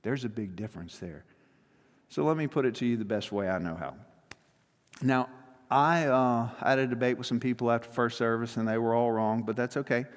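A male pastor preaching a sermon in a conversational, joking way, rushing through some phrases. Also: mid-range voice, long reverb tail. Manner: conversational and joking, with quick rushes.

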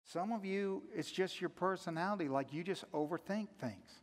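An older man preaching a sermon as pastor, conversational and earnest, swinging from hushed to loud. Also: sits high, normal speed. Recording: echoey hall reverb.

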